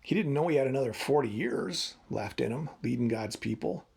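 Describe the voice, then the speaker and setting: A man in his fifties with a gravelly, husky voice, preaching in an easy, conversational way. He keeps a wry, humorous edge as he works through the story. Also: mid-range voice, lively intonation, fairly quick, darkish tone. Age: 50s. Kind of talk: devotional talk.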